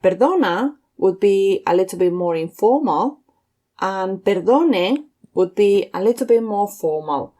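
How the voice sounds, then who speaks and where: A woman teaching beginner phrases in a scripted lesson, slowing down to model each phrase clearly. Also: medium pitch, darkish tone. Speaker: language teacher.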